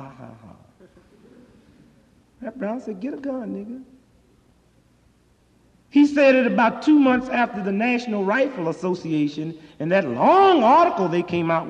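A man performing a stand-up comedy monologue, talking in animated, profane street slang on a live stage. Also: high-pitched. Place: live stage before an audience. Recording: dull lo-fi live recording in a reverberant hall.

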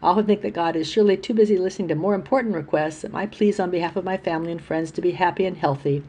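Husky low-voiced woman reading aloud. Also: rapid-fire. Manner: steady, plain reading with occasional stumbles. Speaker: reader of newspaper columns.

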